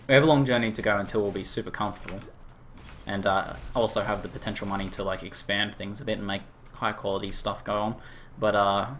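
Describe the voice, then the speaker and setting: A man with an Australian accent chatting casually with viewers during a live game stream, rambling with lots of fillers and quick laughs. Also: lowish voice, a bit bright, slight background noise. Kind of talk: casual live-stream chat while gaming.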